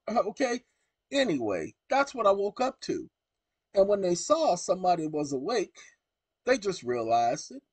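A man hosting his own channel, talking to viewers in an animated, exclaiming, colloquial way. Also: high-pitched, husky, no room sound. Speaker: channel host. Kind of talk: casual commentary to viewers.

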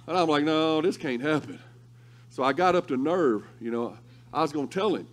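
A male pastor preaching a sermon through lively, humorous storytelling. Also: a little high, fast. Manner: animated, humorous storytelling with laughter.

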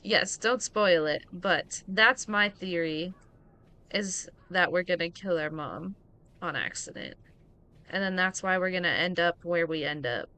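A woman streamer giving playful, chatty let's-play commentary and reacting to the game out loud. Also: lowish voice, unhurried, clear, resonant tone.

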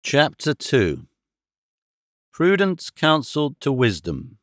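A man reading a classic novel aloud as an audiobook narrator, in a measured, formal storytelling manner. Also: mid-range voice, wildly swooping pitch, fairly bright tone, no room sound, studio quality. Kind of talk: scripted narration.

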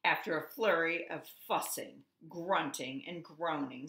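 A preschool teacher reads a picture book aloud to young children in a gentle, expressive way. Her voice sits a little low and she takes it very slowly. The room around her rings with noticeable echo. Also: gravelly, slight background noise. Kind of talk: storybook read-aloud for children. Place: at home. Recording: roomy home echo.

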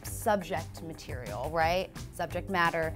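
Give me a chatty woman entertainment interviewer, slightly breathless, with a bright, sharp tone. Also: deep voice, measured pace, faint music behind. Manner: bubbly and chatty, heavy use of "like". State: a bit out of breath. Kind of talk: casual interview.

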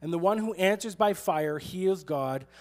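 A man's voice: high voice, expressive, normal speed. A man who is a pastor, giving a sermon in a playful, sarcastic storytelling manner and acting out quotes.

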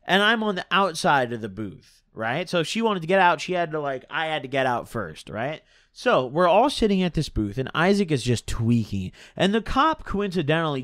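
A young man spins a rambling, slangy story, his pitch bouncing up and down as he goes. His voice sits a touch high for a man. The sound is dry and close, with no room echo. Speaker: streamer. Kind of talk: casual storytime.

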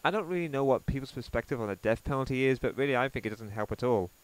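A man's voice: medium pitch, quick pace, rough recording. Sarcastic Welsh man ranting. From Wales. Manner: sarcastic, heavy swearing. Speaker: commentator reacting to a clip. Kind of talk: sarcastic rant commentary.

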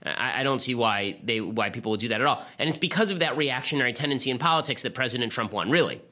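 Rapid-fire sarcastic male political host. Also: mid-range voice, lively intonation, bright, forceful tone. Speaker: political talk show host. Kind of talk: political commentary monologue.

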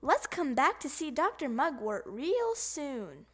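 A woman voicing a silly, clumsy little boy frog with a squeaky, whiny voice in a storybook reading. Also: very animated, slow pace, full character voice. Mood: whiny, excited.

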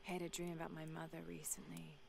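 A hushed, gentle young female adventurer in a video game scene, her voice lowish for a woman. Loud crickets and night ambience fill the background. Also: big pitch swings, fast, noisy background. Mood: tender. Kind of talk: game cutscene dialogue.

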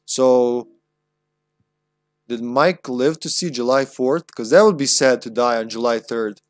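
A man's voice: medium pitch, unhurried, no echo, clean studio sound. Chatty, laughing young man streaming a game. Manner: chatty, profane, laughs often. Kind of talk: casual live-stream gameplay commentary.

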